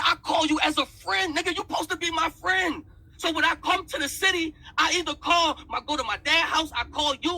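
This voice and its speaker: A man's voice: extremely high pitch, sharp tone, rough recording. A man heatedly retelling an argument, repeating "I said" as he goes. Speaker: battle rap league owner. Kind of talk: heated storytelling in an interview.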